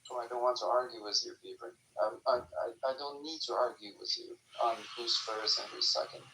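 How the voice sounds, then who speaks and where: A man's voice: mid-range voice, fairly even intonation, a little fast, sharp tone, roomy sound, distant mic, a little hiss or hum, low-quality recording. A man in an online voice chat brushing off insults in a curt, dismissive way. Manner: dismissive, curt, repeats he does not care.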